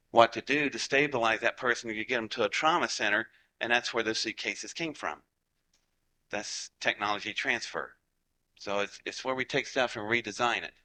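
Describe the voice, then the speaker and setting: A man's voice: mid-range voice, pushed and bright. A man with a Southern US accent giving a folksy storytelling talk to a live audience, chatty and joking with the crowd. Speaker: speaker addressing a live audience.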